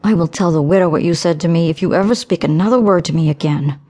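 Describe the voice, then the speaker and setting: A woman's voice: fairly low pitch, moderate pace, mellow. A woman voicing a proud young maid who speaks in a restrained, cool, firm way. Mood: cold restraint.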